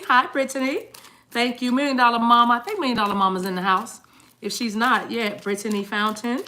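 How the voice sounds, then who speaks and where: A woman's voice: on the high side, pushed and bright. A middle-aged woman hosting a casual livestream reading, chatting playfully with viewers, laughing often and breaking into bits of song. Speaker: tarot reader hosting a livestream.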